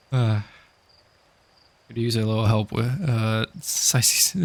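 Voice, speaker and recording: A man's voice: lowish voice, takes it slowly, vocal fry, long pauses. A man streaming a video game, chatting casually with his viewers and laughing often. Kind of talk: casual live-stream chat while gaming.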